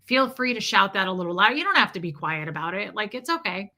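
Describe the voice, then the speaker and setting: A woman's voice: medium pitch, expressive, quick pace, sharp tone. A woman hosting a casual livestream, rambling through a story and greeting viewers by name mid-sentence. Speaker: livestream host.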